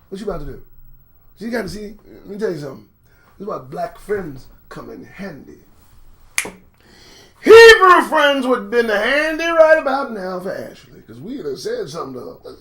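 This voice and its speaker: High-voiced, animated male commentator. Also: normal speed. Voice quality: animated, profane, swings from muttering to shouting. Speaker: host. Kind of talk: profane news commentary.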